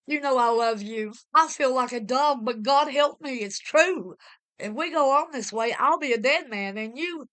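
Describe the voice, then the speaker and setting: A woman voicing a desperate, tormented husband who speaks in a loud, anguished voice. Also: fairly high pitch, a little fast, few pauses, clean tone, no room sound, close to an everyday voice. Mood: pleading. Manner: anguished, raised voice.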